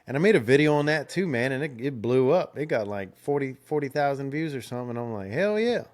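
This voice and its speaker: A man's voice: mid-range voice, quick pace. Young man, casual podcast host, loose rambling delivery with frequent laughs. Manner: rambling, laid-back, laughs often, restarts. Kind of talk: casual storytelling chat.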